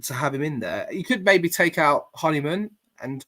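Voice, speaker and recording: A man's voice: on the high side, expressive, moderate pace, a bit bright. A man hosting a casual football podcast, blunt and laddish, swearing freely, talking over a remote call. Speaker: podcast host.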